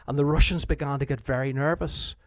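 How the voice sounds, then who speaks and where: A man's voice: a little high, steady tone, a little fast, dry recording. A man with a Northern Irish accent, a history teacher giving a conversational revision lecture who often restarts his sentences and acts out quotes.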